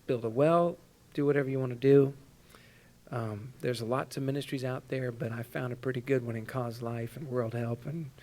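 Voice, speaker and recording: A man's voice: mid-range voice, darkish tone. A middle-aged man, a Christian singer, speaking earnestly to his concert audience between songs, with frequent ums and restarts. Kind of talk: heartfelt stage talk between songs. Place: live concert stage.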